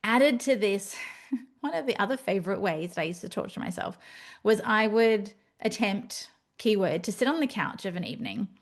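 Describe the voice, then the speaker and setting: A woman's voice: medium pitch, animated, normal speed. A woman hosting a solo podcast, talking candidly and animatedly, with playful asides. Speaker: podcast host. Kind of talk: reflective solo podcast monologue.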